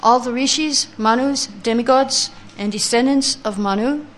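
A woman teaching a scripture class who chants verses slowly, then reads the translations and explains them, taking answers from her listeners. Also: a little high, a little hiss or hum.

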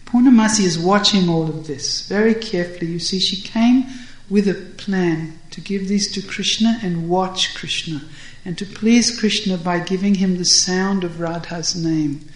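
A storyteller reading a devotional tale with measured, deliberate narration and brief commentary. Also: medium pitch, fairly even intonation. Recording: roomy echo.

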